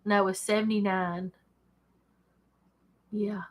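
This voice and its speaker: A woman from Alabama with a Southern US accent hosts a casual Bible study from her desk at home, reading scripture and commenting on it. Her mid-range voice is flat and slow, and she often wanders off topic and laughs.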